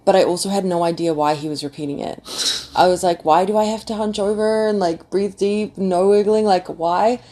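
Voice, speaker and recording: A young woman casually telling her birth story, animated and full of "like" fillers. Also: mid-range voice, brisk. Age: young adult. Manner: chatty, animated, many "like" fillers.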